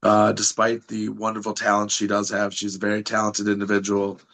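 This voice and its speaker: A man's voice: lowish voice, completely flat delivery, fairly quick, gravelly, fairly bright tone, poor audio. A man chatting as a podcast guest, brash and swearing, talking up his wrestling events while losing his voice. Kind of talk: casual chat.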